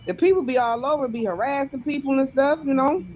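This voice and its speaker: A woman's voice: sits high, brisk, a little mellow, a little hiss or hum. A woman calling in to a talk show, deferential and rambling as she defends her questions. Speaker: caller. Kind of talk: call-in conversation.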